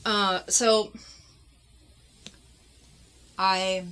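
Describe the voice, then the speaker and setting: A woman's voice: medium pitch, level tone, pushed and bright, slight background noise. Earnest woman telling a personal story. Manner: earnest and heartfelt, with pauses and restarts. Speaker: doll collector vlogger.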